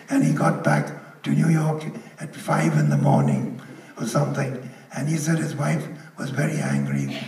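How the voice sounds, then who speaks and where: A man's voice: a little high, darkish tone. An older man on a conference panel, telling a story and quoting other people, laughing as he goes. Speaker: panel speaker. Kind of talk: anecdote told on a conference stage. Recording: echoey hall, mic at a distance.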